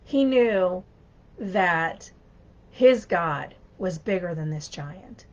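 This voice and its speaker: A woman's voice: fairly low pitch, animated, drawn-out words, highs cut off. A woman giving an earnest, conversational devotional talk, reading scripture and speaking directly to her listeners. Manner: earnest, conversational, with frequent restarts. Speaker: motivational speaker.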